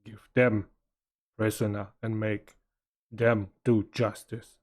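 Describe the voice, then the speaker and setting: A man playing a blunt, low-voiced orc. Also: flat delivery, slow, a little mellow. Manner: broken, clipped speech. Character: blunt male orc warrior, short-spoken.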